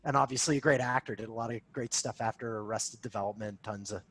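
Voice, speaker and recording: A man's voice: medium pitch, quick pace, a bit bright. A man co-hosting a casual sports podcast, telling playful anecdotes about meeting celebrities. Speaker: podcast co-host. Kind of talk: casual chat.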